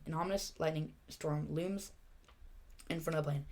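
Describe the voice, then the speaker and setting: A woman's voice: low voice, steady tone, a little mellow. A young woman reading a film script aloud for her channel, hurrying through the stage directions and stumbling over words. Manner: hurried, stumbling reading with restarts. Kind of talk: fast script read-through.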